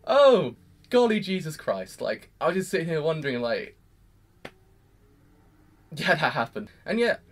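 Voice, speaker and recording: A man giving a casual, rambling review of an anime episode, excitable and full of fillers. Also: fairly high pitch, moderate pace, pauses often. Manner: rambling and excitable, heavy use of "like".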